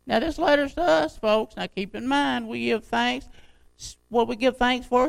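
Older pastor with a gravelly, unsteady voice. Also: male voice, very high voice, a little slow, no echo, low-quality recording. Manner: folksy, conversational preaching with repeated phrases. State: voice unsteady, jumping in pitch. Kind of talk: sermon. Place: church.

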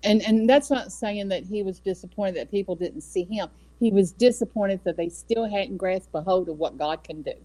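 A woman giving an earnest devotional talk on scripture, with measured delivery and emphatic repetition. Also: medium pitch, warm tone, rough recording. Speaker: Bible study speaker. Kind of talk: devotional teaching.

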